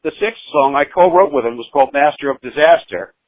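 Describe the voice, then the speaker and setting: In a casual storytelling interview, a sixty-something musician spins long, rambling tales, frequently starting over and performing the quotes. His voice is on the high side and a little fast. The recording is dry and tinny, as if over a phone, with no room sound.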